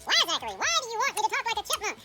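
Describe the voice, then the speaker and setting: A man talking in a sped-up, squeaky chipmunk voice, teasing and playful as he banters. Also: wildly swooping pitch, racing, loud music behind the voice, full character voice. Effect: sped-up high pitch.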